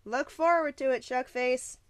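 A woman's voice: medium pitch, animated, moderate pace, lightly acted. A woman voicing a sneering teenage bully. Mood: taunting. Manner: taunting, loud.

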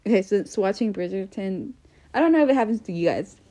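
A woman's voice: medium pitch, expressive, fast talker, mellow. A young American woman hosting a casual solo podcast, chatty and self-deprecating, full of fillers and restarts. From United States. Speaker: podcast host.

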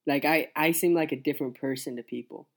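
A young man, a youth pastor, telling his story in a casual interview, earnest and halting with many restarts. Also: a little high, steady tone, a bit bright.

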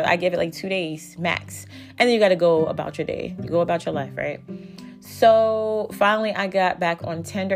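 A woman in her thirties telling a dating story in a casual vlog, blunt and profane, with a sarcastic edge. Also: fairly low pitch. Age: 30s. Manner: blunt, profane, sarcastic, talks back and forth. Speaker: vlogger.

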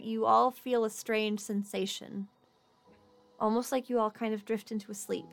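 A woman game master narrating a streamed tabletop game, animated and quick when signing off. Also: mid-range voice, creaky, faint music behind. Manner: animated, quick sign-off with laughter.

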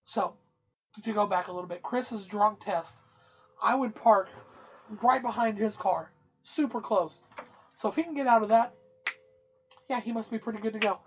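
A woman co-hosting a podcast, telling a rowdy anecdote in loose, profane, animated casual chat. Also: medium pitch, normal speed, pauses often, slight background noise. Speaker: podcast co-host. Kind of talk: casual storytelling. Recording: dull, muffled audio.

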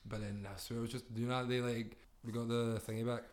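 A man's voice: mid-range voice, flat delivery, quick pace, a little mellow. A young man co-hosting a podcast, spinning a long, rambling anecdote in a mid-range voice. He leans on fillers like "like" and breaks into laughter often, keeping the tone loose and casual. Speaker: podcast co-host. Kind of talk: casual chat, storytelling.

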